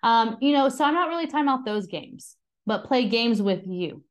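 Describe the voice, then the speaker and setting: A woman in her thirties talks in a bright, fairly high voice. She shares a casual faith message as a mother, chatty and earnest. She keeps checking in with her listeners through little questions. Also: expressive, normal speed. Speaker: mom sharing a devotional talk.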